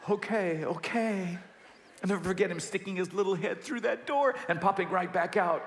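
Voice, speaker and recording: A man's voice: sits high, fast. A man in his thirties, a pastor, preaching a sermon and acting out a family story. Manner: animated storyteller acting out dialogue. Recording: echoey hall with long reverb.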